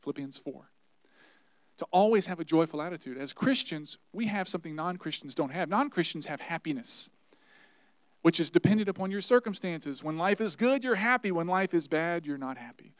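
A man preaching a sermon, telling personal stories earnestly and swinging between quiet, soft passages and loud, emphatic warnings. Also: a little high, expressive, brisk, no echo. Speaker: pastor.

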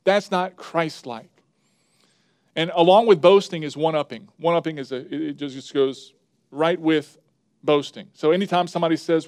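A man's voice: fairly high pitch, moderate pace, a little mellow, smooth. Emphatic man preaching a sermon. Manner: emphatic, builds up repeated phrases; talks to the slide operator mid-sermon.

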